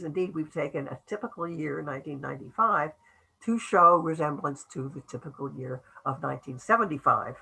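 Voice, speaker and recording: A woman's voice: deep voice, lively intonation, normal speed, gravelly, fairly bright tone, husky, rough recording. An older woman giving a webinar lecture on academic writing, talking in a loose conversational way with restarts and acted-out quotes.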